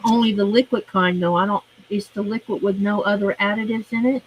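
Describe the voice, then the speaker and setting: A woman's voice: mid-range voice, steady tone, fairly quick, a little hiss or hum, poor audio. A woman in a casual sewing chat who gives caring, practical advice.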